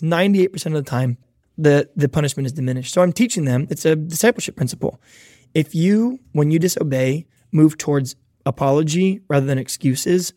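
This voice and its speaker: A man in his thirties talks in an earnest, casual teaching voice, acting out short exchanges with his children as he goes. His voice sits a little high for a man. The recording is dry and close, with no room sound. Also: mellow, no echo. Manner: earnest, acts out dialogue with his kids. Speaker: podcast host.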